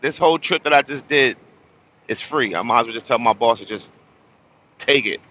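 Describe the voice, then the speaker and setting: A man's voice: medium pitch, moderate pace, sharp tone. Tired man rambling, muffled phone audio. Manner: tired, rambling, repeats words. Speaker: truck driver. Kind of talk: casual storytelling vlog.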